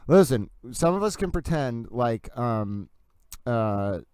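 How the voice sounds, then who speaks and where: A man's voice: mid-range voice, big pitch swings, slow, a little mellow, clear, resonant tone, dry recording. A man with a Boston accent, hosting a casual live stream and chatting playfully while he works on his computer. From New England. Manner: playful, self-mocking chatter while working. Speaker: livestream host.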